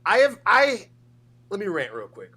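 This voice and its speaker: A man co-hosting a reaction stream, talking in an animated, profane, ranting way. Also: high-pitched, normal speed, a little hiss or hum. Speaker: stream co-host. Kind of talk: casual reaction-stream chat.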